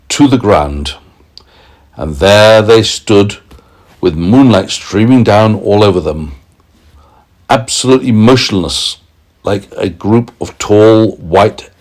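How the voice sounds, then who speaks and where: A man reading a bedtime story aloud to a small child, expressive and gentle, pausing to explain words. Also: fairly low pitch. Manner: slow, expressive, asides to a child.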